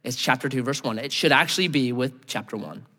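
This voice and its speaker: A male pastor preaching a sermon in a lively manner, acting out the people he quotes. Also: medium pitch, a little fast, long reverb tail. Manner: animated, acts out voices in quotes.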